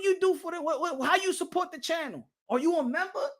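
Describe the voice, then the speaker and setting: A young man hosting a boxing channel livestream in casual chat, animated, repeating himself and laughing often, slipping into Spanish. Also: very high voice, fast talker, few pauses.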